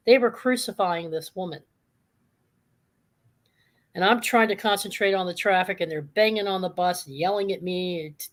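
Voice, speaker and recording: A woman hosting a live talk show, telling a calm, reflective story from her own past. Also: medium pitch. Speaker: host.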